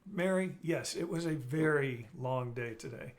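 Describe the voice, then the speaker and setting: A man's voice: medium pitch, a little slow. A man hosting a casual live stream, rambling and joking while he reads out viewer comments.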